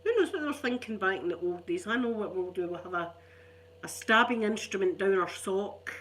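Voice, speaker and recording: A woman's voice: mid-range voice, animated, a little fast, a bit bright, a little hiss or hum. A middle-aged woman with a Scottish accent, rambling in casual chat as an ASMR channel host, chatty and self-mocking. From Scotland.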